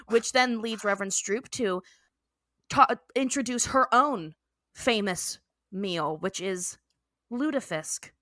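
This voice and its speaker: A woman's voice: a little high, animated, slow, pauses often, pushed and bright, dry recording, clean studio sound. A young adult woman co-hosting a podcast, casually recapping a cartoon episode, laughing often and acting out the characters' lines. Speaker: podcast co-host.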